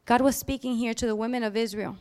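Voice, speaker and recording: Preaching a sermon, a woman with a slightly high voice talks at a quick clip. She's lively and animated, acting out little scenes with sudden loud outbursts.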